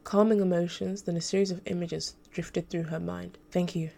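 A woman narrating an audiobook extract in a steady, measured reading style. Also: fairly low pitch, vocal fry.

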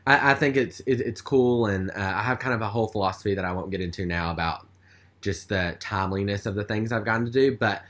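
Chatty man, lowish voice. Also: fast, a bit bright. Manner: rambling, chatty, with many fillers. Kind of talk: casual storytelling chat.

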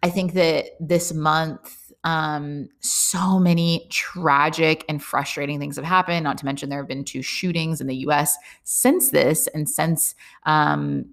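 Low gravelly-voiced young woman confiding. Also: steady tone, measured pace. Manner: candid, rambling, swears freely, many "like" fillers. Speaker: podcast host. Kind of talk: casual personal monologue. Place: lives abroad, talking to listeners.

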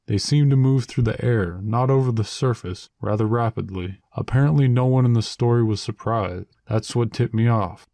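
A man reading a story aloud in a dry, deliberate storytelling manner. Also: fairly low pitch, warm tone, no echo. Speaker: reader. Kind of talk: audiobook narration.

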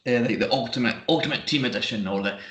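Man, casual podcast chat, storytelling, middle pitch, echoey room. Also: fast, a bit bright. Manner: storytelling with bursts of put-on voices.

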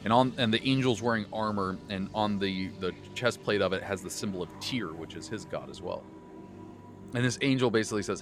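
A man hosting a podcast, recounting his tabletop game session as game master in a loose, animated way, with many restarts and bursts of laughter. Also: lowish voice, fairly quick, faint music behind. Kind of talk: casual recap of a tabletop game.

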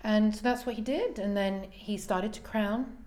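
A woman, a podcast guest telling a personal story in an animated way, acting out the people she quotes. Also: medium pitch, moderate pace.

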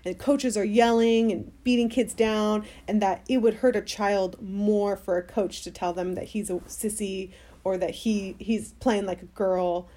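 A woman's voice: mid-range voice, fairly even intonation, a little slow, mellow. A young woman co-hosting a podcast, telling a story in casual chat with lots of fillers. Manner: rambling, many fillers. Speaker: podcast co-host.

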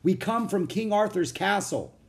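A man reading an audiobook, voicing an eager, brave young girl who speaks in a high, urgent and earnest voice. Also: big pitch swings, normal speed. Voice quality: high, bright girlish voice. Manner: urgent and earnest, loud when calling out.

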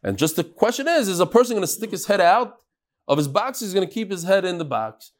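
A man teaching a live Talmud class, lively and chatty, teasing his audience. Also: high voice, brisk.

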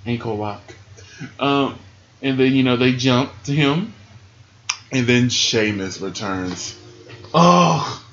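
A man's voice: slow, long pauses, a little hiss or hum. Man, mid-range voice, sassy casual recapper, laughs a lot, dull lo-fi home recording. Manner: sassy, animated, laughs often, sudden high squeals. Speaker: wrestling show recapper.

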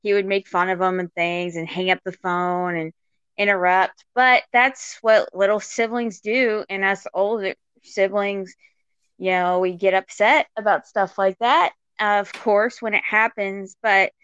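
Woman, host, smooth voice, reassuring, muffled lo-fi sound. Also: medium pitch, fairly even intonation, unhurried, fairly bright tone, dry recording. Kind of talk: casual chat. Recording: muffled lo-fi audio.

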